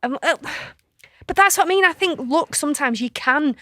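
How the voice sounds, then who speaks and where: A woman tells a story on a podcast, with animated delivery. She acts out the voices and laughs often. The mic is close and dry. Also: high-pitched, moderate pace, no echo. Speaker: podcast co-host. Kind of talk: casual storytelling chat.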